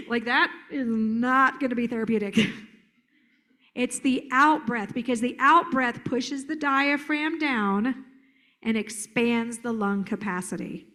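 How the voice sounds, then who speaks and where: Brief: middle-aged woman therapist presenting a workshop, playful and animated, slightly high voice. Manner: lively, playful, acts out children's voices. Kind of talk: conference workshop talk. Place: conference hall.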